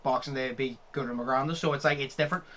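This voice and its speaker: Young male podcast co-host, brightly toned, loose and sweary, quick to laugh. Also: mid-range voice, steady tone, slight background noise. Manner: swears freely, laughs often, retells comedy scenes. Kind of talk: casual podcast chat.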